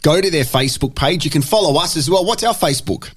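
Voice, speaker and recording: An Australian man hosting a podcast, telling a story in a lively, casual way and swearing freely. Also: on the high side, fast, husky. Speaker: podcast host.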